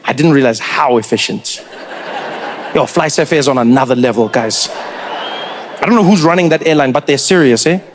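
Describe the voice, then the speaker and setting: A man doing stand-up comedy, telling stories in an animated way with stammered restarts for effect. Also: medium pitch, normal speed, long pauses, a little hiss or hum.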